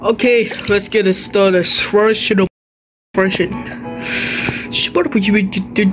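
A woman streaming a game, talking in halting bits that trail off and breaking into loud squeals and curses. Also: medium pitch, steady tone, soft background music, low-quality recording. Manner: loud sudden squeals and swearing. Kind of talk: excited gameplay commentary.

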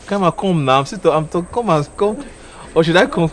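A man's voice: a little high, expressive, a little fast, noisy background, lightly acted. An actor playing an eager man wooing a woman, coaxing and stammering, with Nigerian Pidgin in his speech.

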